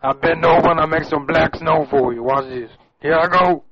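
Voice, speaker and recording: A man's voice: a little high, moderate pace, a loud crowd, lightly acted. A man playing a crude, boastful prank caller who drawls and calls people baby, on muffled lo-fi audio. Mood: sleazy boasting.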